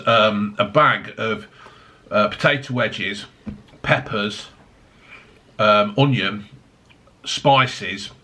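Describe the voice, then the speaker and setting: A man's voice: on the low side, sharp tone. A middle-aged man, rambling and swearing at his desk while reviewing drinks. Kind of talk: casual review vlog. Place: home desk.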